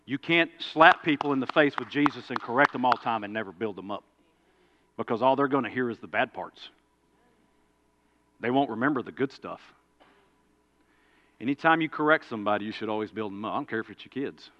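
A man, a preacher and coach, telling a story in a folksy sermon that swings from loud to quiet. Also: mid-range voice, fairly quick, pauses often, dull audio.

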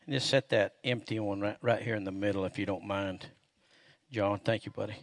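A middle-aged man, a pastor preaching a sermon in a church and telling folksy stories, getting loud and animated when excited. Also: lowish voice, brisk. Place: church sanctuary. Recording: echoey hall with long reverb.

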